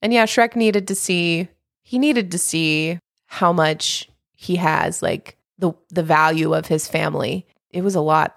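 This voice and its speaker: Woman, podcast host, gravelly low voice, rambling, laughing, dry close mic. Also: no room sound. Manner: rambling, laughing, acts out quotes. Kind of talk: casual chat.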